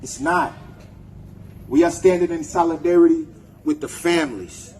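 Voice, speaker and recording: A man's voice: on the high side, normal speed, a little mellow, slight background noise, poor audio. A man giving a raw, profane speech at an outdoor protest, leading the crowd in chants. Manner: angry, profane, leads chants. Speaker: protest speaker. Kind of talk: impassioned rally speech.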